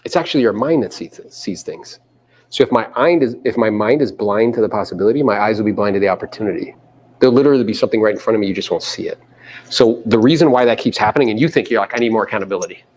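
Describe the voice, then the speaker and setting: A man coaching real estate agents in a live seminar, animated, acting out quotes and swearing casually. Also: fairly low pitch, quick pace, slight background noise. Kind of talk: live seminar talk to an audience.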